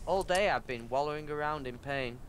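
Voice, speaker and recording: A man's voice: on the high side, fairly quick, a little hiss or hum. A man co-hosting a let's play, chatting casually and teasing his friend with jokes. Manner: teasing, joking banter. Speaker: co-host. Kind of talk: casual chat over gameplay.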